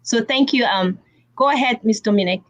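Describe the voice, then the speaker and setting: A woman's voice: fairly high pitch, brisk, slight background noise. A woman moderating a webinar panel over a video call, asking questions in a chatty way. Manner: chatty, asks questions with "like" and "right?". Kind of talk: panel discussion.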